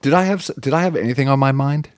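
Animated, laughing podcast co-host. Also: male voice, medium pitch, racing, no room sound, studio quality. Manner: animated, laughing, jokey storytelling. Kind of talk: casual chat.

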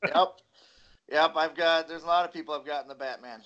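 A man, a guest wrestler, telling stories in a casual, animated way and laughing often. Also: a little high, brisk, muffled recording. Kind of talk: casual storytelling.

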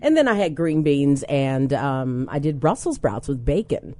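A woman co-hosting a radio show, chatting in a relaxed, friendly way. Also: a bass voice, unhurried. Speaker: radio co-host. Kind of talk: casual radio talk.

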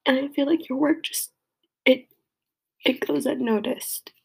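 A woman's voice: sits high, steady tone, a little slow, gravelly, darkish tone, breathy edge. A young woman crying as she gives a rambling, heartfelt tribute to a friend. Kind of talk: emotional personal tribute.

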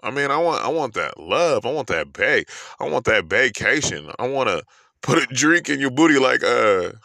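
A man's voice: medium pitch, sing-song, moderate pace, vocal fry, pushed and bright, dry recording, studio quality. Profane, ranting New York man. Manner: emphatic, swearing constantly, rhetorical questions.

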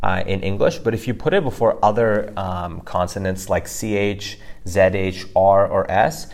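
Low-voiced man explaining sounds casually. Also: moderate pace, vocal fry, darkish tone. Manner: explanatory, checks in with frequent "right?". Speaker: co-host teaching pronunciation. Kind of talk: casual podcast lesson.

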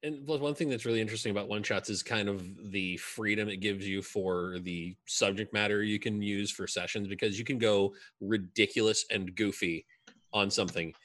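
A man with a somewhat low but bright, forceful voice trades jokes on a podcast. He talks in an animated, casual way. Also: moderate pace. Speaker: podcast co-host. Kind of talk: casual chat.

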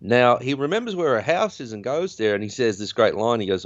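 A man's voice: medium pitch, animated, brisk, dry recording, lo-fi sound. A man hosting a podcast, recapping a film in a chatty, rambling way. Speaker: podcast host. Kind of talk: casual film recap chat.

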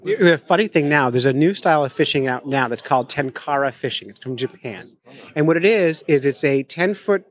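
A man's voice: on the high side, expressive. Jokey man hosting a podcast. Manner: jokey, self-mocking, quick asides. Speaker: podcast host. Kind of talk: casual chat at a conference table. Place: conference venue.

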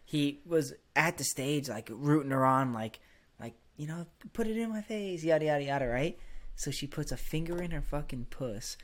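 A man's voice: a little high, normal speed, a bit bright. A young man hosting a podcast, telling crude, rambling stories and laughing often. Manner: crude, rambling storyteller who laughs a lot. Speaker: podcast host. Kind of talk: casual podcast chat.

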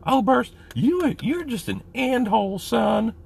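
A squeaky churchgoing Southern soldier. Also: male voice, sing-song, slow pace, gravelly, a little mellow, slightly rough, exaggerated voice. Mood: mock scolding. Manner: squeaky, scolding without swearing. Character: high-voiced religious Southern male Marine.

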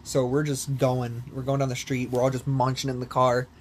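A young man in casual chat, telling a long story in an animated way with lots of swearing and laughter. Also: medium pitch, moderate pace. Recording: faint background noise.

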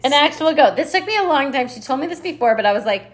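A woman with a fairly high voice co-hosting a relaxed podcast. She is upbeat and giggly and keeps chiming in with quick reactions. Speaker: podcast co-host. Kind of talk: casual chat.

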